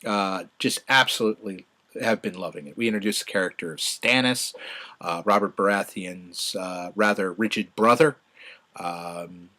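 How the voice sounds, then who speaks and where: A middle-aged man giving a casual, rambling solo review, full of fillers and restarts, with sudden excited bursts. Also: deep voice, normal speed. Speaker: podcast host reviewing a TV show.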